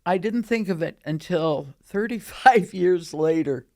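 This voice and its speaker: A woman in her eighties telling stories about her early years in an animated, casual way in a studio. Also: on the low side, measured pace. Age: 80s. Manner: animated, acts out quoted voices. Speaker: guest recalling her career. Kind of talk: casual storytelling. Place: recording studio.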